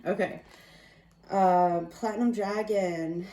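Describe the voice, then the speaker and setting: A woman reader of tarot and oracle cards talks slowly in a fairly low, slightly mellow voice, giving a laid-back reading full of chatty tangents and self-amusement. The recording has a roomy echo from a distant mic.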